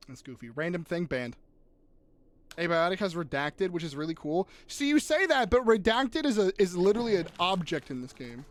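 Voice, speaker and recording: High, animated male streamer. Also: normal speed, long pauses, no room sound. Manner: animated, swearing, jokey, easily teary. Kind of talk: casual live-stream chat while gaming.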